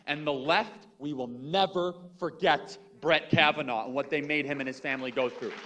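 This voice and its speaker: A young man speaking on a stage panel, quick and sarcastic. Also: on the high side, bright, forceful tone.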